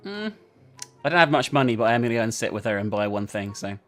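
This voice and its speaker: Casual gamer, dry reader of game text, mid pitch, faint music behind. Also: animated, fast talker. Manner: laid-back, swears freely, reads narration with dry timing. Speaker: video game player. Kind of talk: casual gaming chat and reading game text aloud.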